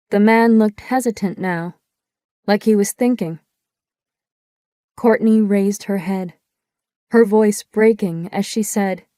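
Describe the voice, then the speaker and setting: A woman reading a first-person audiobook in a measured, descriptive storytelling manner, recorded on a close studio microphone. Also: medium pitch, fairly even intonation, darkish tone, clean tone, no echo. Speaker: audiobook narrator.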